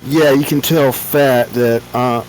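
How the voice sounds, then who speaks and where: A man's voice: medium pitch, fairly even intonation, takes it slowly, a little mellow, poor audio. A man of about seventy hosting a flight-sim stream, chatting casually in a rambling, joking way with many restarts. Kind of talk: casual chat.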